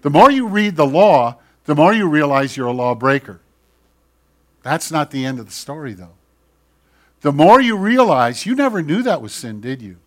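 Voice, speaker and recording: Man preaching, loud then hushed. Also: on the high side, animated, normal speed. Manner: swings from loud emphatic preaching to hushed near-whisper; acts out God's voice and listeners' excuses in quotes. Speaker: pastor. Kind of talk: sermon.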